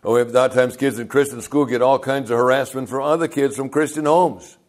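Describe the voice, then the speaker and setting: A man's voice: medium pitch, fairly even intonation, a little fast. An older man, a pastor, telling rambling folksy stories in a sermon and chuckling as he goes. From United States.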